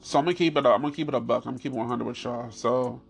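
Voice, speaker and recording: Gravelly man telling stories with laughs. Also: medium pitch, very fast, soft background music. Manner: animated, laughing, swears freely, repeats phrases. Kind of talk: casual comedic storytelling.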